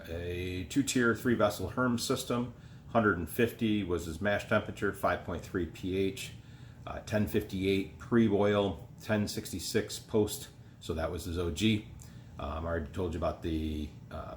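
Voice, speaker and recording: Male host, slight country accent, deep voice, rambling and relaxed, filler-heavy. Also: a little slow, a little hiss or hum. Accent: rural American. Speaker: homebrewing video host. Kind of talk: casual beer review.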